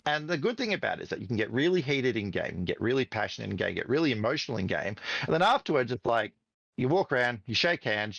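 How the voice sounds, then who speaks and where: A middle-aged man with a medium-pitched, creaky voice talks fast, guesting on a podcast as the head of an esports team. The audio is dull with no room sound, and in casual chat he tells fired-up, animated stories, swearing freely.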